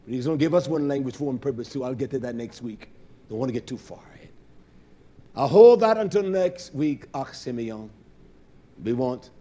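A male preacher giving a sermon, impassioned, swinging between loud declaiming and low muttering. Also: lively intonation, normal speed.

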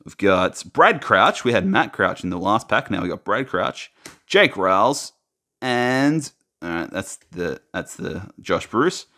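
Excitable man opening trading cards. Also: unhurried. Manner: excitable, talks while sorting cards, bursts into high shouts over big pulls. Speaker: card-opening YouTuber. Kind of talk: casual unboxing commentary.

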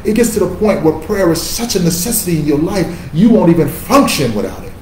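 A man's voice: high-pitched, sing-song, brisk, few pauses, a little mellow, a little hiss or hum. Emphatic preacher man, echoey room. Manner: emphatic, conversational preaching with call-and-response. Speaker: pastor. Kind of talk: sermon.

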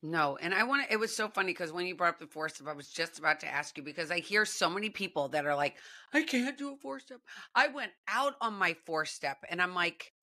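Woman, podcast host, bright forceful voice, gushing, enthusiastic. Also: on the low side, animated, fast, few pauses. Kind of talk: casual conversation.

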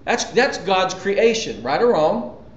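Man, pastor, sermon, emphatic, rhetorical questions, slightly high voice, echoey lo-fi recording. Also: sing-song, slow pace. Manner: emphatic, conversational preaching with repetitions and rhetorical questions.

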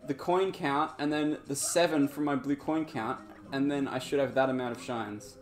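Over background game music, a man streams a game live and gives laid-back commentary to his viewers, laughing a lot and humming along. He speaks slowly in a fairly high, fairly even voice, leaving long pauses.

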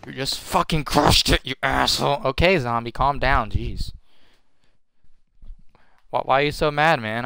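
A man's voice: medium pitch, background noise. A young man giving casual, profane, joking commentary to his viewers while he plays a video game. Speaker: gaming video host. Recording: game music loud behind the voice. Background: game music.

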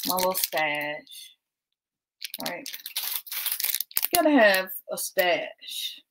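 Hosting a casual livestream from her home, a woman chats with viewers and laughs often while packing, repeatedly calling them y'all. Her fairly low voice swings widely in pitch and draws out words, with noise in the background.

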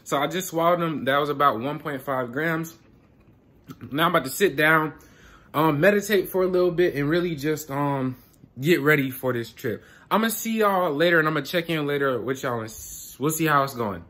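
A man's voice: on the high side, normal speed, a bit bright. Young man, vlogger, loose slangy delivery, recorded on a handheld phone indoors. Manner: loose slangy talk, keeps asking "you get what I'm saying". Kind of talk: casual vlog to camera. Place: indoors in a room at home. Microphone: handheld phone camera.

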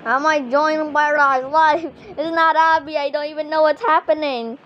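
Excitable high-voiced woman playing a game. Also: moderate pace, hardly any pauses, lo-fi sound. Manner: excitable, exclaiming at the game as she plays. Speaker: gamer streaming her own play. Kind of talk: casual gameplay commentary.

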